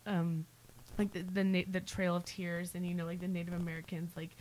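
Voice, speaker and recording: A woman's voice: lowish voice, flat delivery, a little fast, darkish tone, poor audio. A woman in her thirties from Oklahoma, a podcast guest chatting casually and telling stories with lots of fillers. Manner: chatty storyteller with fillers and playful asides. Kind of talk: casual interview chat.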